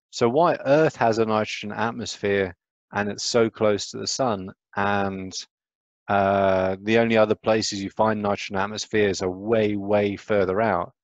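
A man's voice: fairly low pitch, no room sound, dull audio. A man giving a casual, chatty lecture on astronomy, often checking in with "right?".

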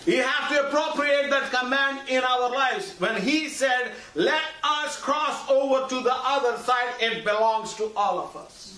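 A man's voice: very high voice, a little slow, few pauses, pushed and bright. A male pastor preaching a sermon, working the congregation with repeated, emphatic lines and frequent calls for agreement. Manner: call-and-response preaching, asks congregation for agreement; repetitive, emphatic phrasing. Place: church sanctuary. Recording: echoey church hall, mic far off, faint hiss.

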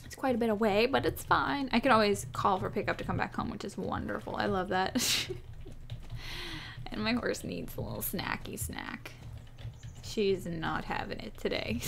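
Woman, gaming commentary, chatty, giggly, slightly hoarse, fairly high voice. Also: unhurried, a little hiss or hum. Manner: chatty, giggly, talks to herself. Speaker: gaming YouTuber. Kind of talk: casual gameplay commentary.

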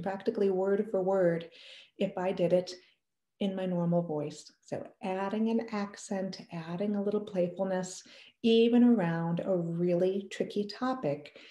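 A woman's voice: mid-range voice, warm tone, echoey room. A woman in her thirties giving earnest parenting advice, explaining a family conversation step by step. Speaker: parenting educator. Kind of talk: advice talk to camera.

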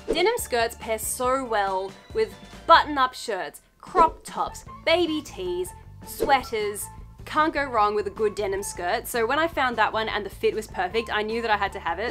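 A young Australian woman with a fairly bright, higher voice chats through a thrift clothing haul. She's a fashion vlogger, and her delivery is bubbly, gushing and playful.

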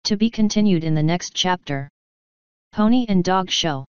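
Woman narrating a fan story, low and very smooth, dry close sound, kinda dull lo-fi. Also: expressive, moderate pace, a little mellow, dry recording. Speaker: fanfiction reader. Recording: dull lo-fi recording.

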